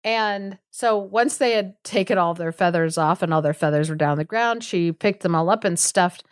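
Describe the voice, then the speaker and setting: A woman's voice: lowish voice, normal speed, clear, resonant tone, dry recording, clean studio sound. A woman podcast co-host casually retelling a fairy tale, full of "like" and sarcastic asides, acting out the characters' lines. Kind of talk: casual storytelling chat.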